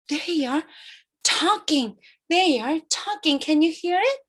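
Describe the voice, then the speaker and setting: Woman, kindergarten storyteller: very high, swooping, slow and playful. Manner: animated, playful, with animal sounds and gasps. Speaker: kindergarten teacher. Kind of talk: children's storytelling with toys.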